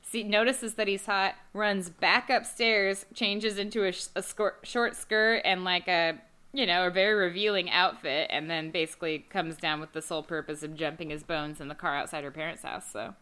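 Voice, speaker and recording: A woman's voice: fairly low pitch, steady tone, normal speed, sharp tone, smooth. A woman co-hosting a casual movie-review podcast, wry and chatty, often laughing. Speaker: podcast co-host.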